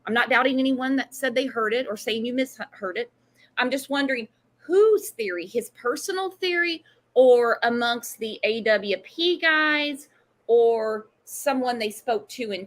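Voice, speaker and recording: A woman hosting a live talk stream, lively, teasing and chatty. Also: on the high side, unhurried. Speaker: host. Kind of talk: casual livestream chat.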